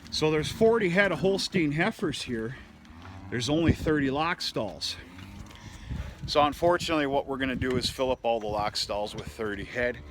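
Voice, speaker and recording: A man's voice: medium pitch, animated, normal speed, a bit bright. A man running a cattle farm, talking through his chores in a casual, rambling, folksy way with the odd curse. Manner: folksy, rambling, with frequent restarts and mild cursing. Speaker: cattle farmer. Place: outdoors in a farm feedlot. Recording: noisy outdoor recording.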